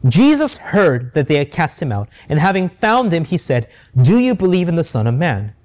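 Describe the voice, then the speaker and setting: Animated man teaching Bible verse by verse. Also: on the high side, moderate pace. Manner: animated, asks "right?" often, reads scripture aloud. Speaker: preacher.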